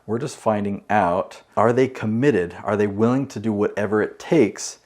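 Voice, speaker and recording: A man's voice: fairly low pitch, normal speed, darkish tone. A middle-aged man teaching as a business coach in an earnest, conversational talk to camera, acting out client dialogue along the way. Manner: earnest, conversational, with frequent restarts and role-played dialogue.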